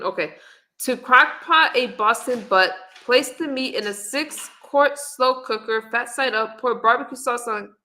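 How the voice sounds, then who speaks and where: A middle-aged woman hosts a relaxed livestream, chatting to viewers straight into her camera. Her voice is bright, and her easygoing manner holds as she reads comments and recipes aloud. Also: high-pitched. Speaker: livestream host. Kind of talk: casual live-stream chat. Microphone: webcam or phone on camera.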